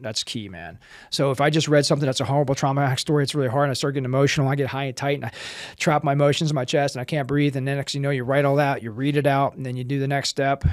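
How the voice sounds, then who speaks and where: A middle-aged American man speaks in a casual interview, blunt and intense, swearing freely and slipping into other people's lines as he tells stories. His voice sits at an ordinary male pitch, recorded close and dry with no room echo. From United States. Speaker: podcast guest, former Marine and firearms trainer.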